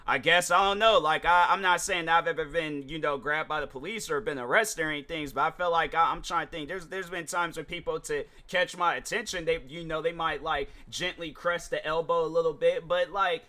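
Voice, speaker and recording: A man hosting a casual solo vlog, talking loosely with slang and restarting his sentences often. His voice is somewhat high and bright, with a forceful edge. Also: steady tone, a little fast, hardly any pauses. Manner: rambling, slangy, many restarts. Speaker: show host.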